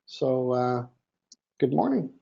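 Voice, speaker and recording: A man's voice: medium pitch, sing-song, slow, vocal fry, mellow. A man co-hosting a live online show, chatting and joking while he reads out viewers' names and greetings. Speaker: co-host. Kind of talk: live-stream show chat. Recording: dull lo-fi stream audio.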